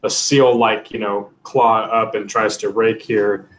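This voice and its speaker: A man's voice: on the low side, flat delivery, unhurried. A man narrating as game master of a tabletop game, rambling with many fillers. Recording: roomy, distant mic, faint noise.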